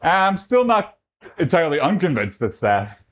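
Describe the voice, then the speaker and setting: A man from Texas, chatting casually with his livestream chat during a workout. His talk rambles, and his voice jumps up in pitch when he gets excited. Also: moderate pace. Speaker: streamer.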